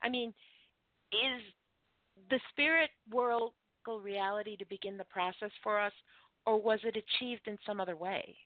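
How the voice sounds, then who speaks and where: Woman host, halting questions, phone-like sound, dry. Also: medium pitch, no room sound. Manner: halting, searching for words. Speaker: show host. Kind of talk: interview questions. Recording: tinny phone line, dry.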